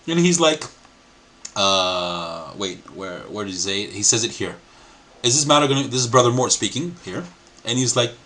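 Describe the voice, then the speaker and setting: A man's voice: mid-range voice, a bit bright. A man hosting a video reaction commentary, laughing often while he talks and mixing American and British accents. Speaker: channel host.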